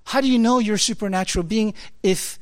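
A pastor preaching a sermon in a conversational, emphatic way, with rapid rhetorical questions and repeated key phrases. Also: medium pitch, no echo.

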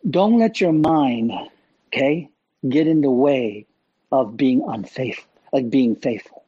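A man preaching a sermon in a conversational, animated way, often checking in with "right?". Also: medium pitch, breathy edge, dull audio. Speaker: pastor.

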